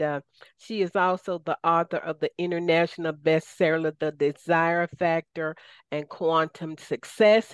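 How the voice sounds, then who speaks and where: Hosting a casual radio show, this woman speaks with a Southern US accent in a lowish, clear, resonant voice with no echo. She's enthusiastic and folksy, addressing her listeners as "y'all."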